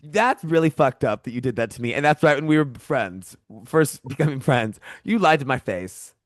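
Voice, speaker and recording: Lively dry-miked man, playful. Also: mid-range voice, moderate pace, no echo. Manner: playful, mock-outraged teasing. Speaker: podcast co-host. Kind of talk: casual chat.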